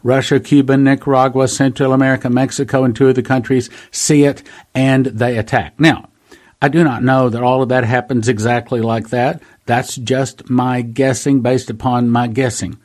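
A man's voice: medium pitch, level tone, moderate pace, darkish tone. Earnest man preaching about prophecy. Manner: earnest, addresses listeners as brothers and sisters; reads dates and quotes at length. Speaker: prophecy talk show host. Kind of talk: preaching monologue.

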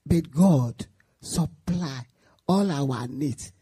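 Brief: woman Sunday school teacher, slow emotional testimony, husky, lively rising and falling pitch. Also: dry recording. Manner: animated, repetitive storytelling with acted-out quotes.

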